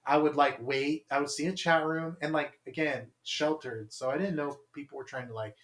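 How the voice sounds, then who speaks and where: A man's voice: a little high, steady tone, moderate pace, a bit bright. A young man co-hosting a podcast, telling stories in a rambling casual way, full of "like" and acted-out quotes. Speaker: podcast co-host. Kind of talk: casual chat. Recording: roomy echo.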